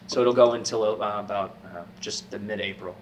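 A man chatting casually as a podcast co-host and stage actor, rambling and joking, with animated bursts when he quotes people. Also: lowish voice, fairly quick. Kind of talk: casual chat. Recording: distant mic with faint noise.

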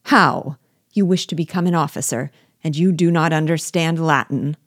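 A woman's voice: low voice, a little slow, darkish tone, dry recording, clean studio sound. A woman reading an audiobook, voicing a cunning, imperious male rebel general who blusters with anger and mock learning. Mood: angry.

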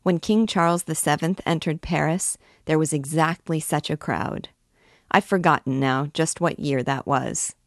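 A woman's voice: deep voice, normal speed, dry recording, studio quality. A woman reading aloud as a chatty old noble mother who rambles on, reminiscing.

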